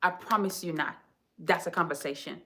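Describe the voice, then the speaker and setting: A woman from Jamaica, a home decor vlogger, telling stories to her viewers in an animated, chatty, dramatic way. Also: lowish voice, moderate pace. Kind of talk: casual storytelling to viewers.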